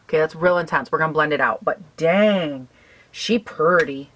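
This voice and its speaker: Give me a giggly young beauty vlogger talking through her makeup in casual chat, voice on the low side. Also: normal speed, fairly bright tone. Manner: chatty, giggly, lots of "like" and "um".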